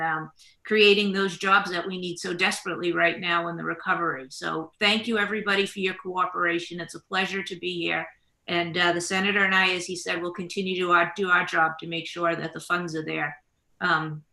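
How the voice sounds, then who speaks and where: A woman state representative and committee co-chair giving earnest prepared remarks, halting often with fillers and restarts. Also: on the low side, sharp tone, roomy sound. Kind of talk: prepared remarks at a press event.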